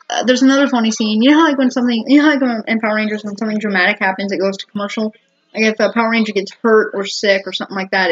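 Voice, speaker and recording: A woman vlogger chatting casually to camera, rambling and giggling with lots of fillers and restarts. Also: on the high side. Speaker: vlogger reviewing a TV episode. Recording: dull lo-fi home recording.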